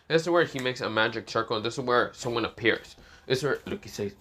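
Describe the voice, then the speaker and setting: A man's voice: medium pitch, lively intonation, fairly bright tone, slightly rough. A man tells an improvised fan-made story in a loose, casual way. He often stalls, corrects himself and reaches for words mid-sentence. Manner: halting, full of fillers and self-corrections. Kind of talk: improvised fan-fiction narration.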